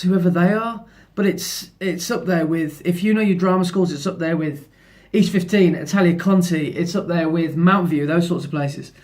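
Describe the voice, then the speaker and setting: A man in his thirties, a photographer talking to camera in a casual, upbeat and rambling way, outdoors by the sea. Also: high-pitched. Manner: chatty, upbeat, rambling with restarts. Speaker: photographer vlogger. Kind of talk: casual vlog talk to camera. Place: outdoors by the sea, then in town.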